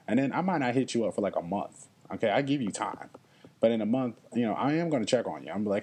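A young man with a slightly low voice hosts a solo podcast in an earnest, reflective tone. He talks straight to his listeners and keeps checking in with a quick "okay?". At moments he sounds moved. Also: animated, a little mellow, breathy edge. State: emotional at times. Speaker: podcast host.

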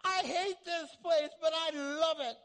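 A man's voice: extremely high pitch, moderate pace, gravelly, voice pushed up. A man voicing the apostle Paul as a joyful, defiant prisoner, proclaiming emphatically. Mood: exultant.

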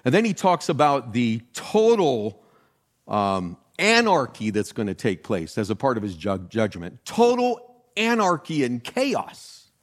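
An older man, a pastor, preaching a sermon with jokes, jumping up in pitch to stress words. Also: unhurried. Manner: animated, jokey, leaps in pitch for emphasis.

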